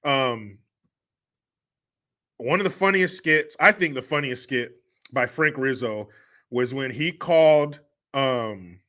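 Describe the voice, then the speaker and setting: A man's voice: mid-range voice, takes it slowly, long pauses, sharp tone. A man hosting a casual, profane chat show in a rambling style, often breaking into laughter. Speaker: host.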